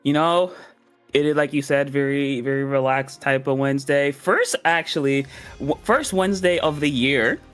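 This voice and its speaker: A man's voice: medium pitch, moderate pace, fairly bright tone, soft background music. A man giving laid-back, joking color commentary on an online video game tournament. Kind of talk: esports commentary.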